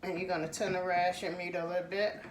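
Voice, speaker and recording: A woman's voice: fairly low pitch, flat delivery, quick pace, roomy sound, distant mic, a little hiss or hum. A woman hosting a cooking channel, giving a casual, homey cooking demonstration in her kitchen and often calling the viewers "guys". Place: home kitchen.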